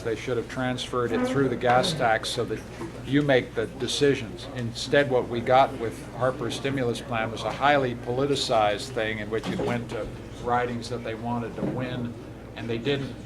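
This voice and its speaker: A man and politician giving a rousing campaign speech and answering questions, stacking emphatic lists that build to loud peaks. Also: medium pitch, steady tone, normal speed, crowd noise, rough recording.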